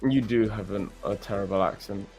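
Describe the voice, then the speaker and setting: Male stream host, lower voice, loose laughing banter full of bro and mate, soft music behind. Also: moderate pace, gravelly. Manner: joking, laughs often, calls people bro and mate. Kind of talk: casual banter on a live stream.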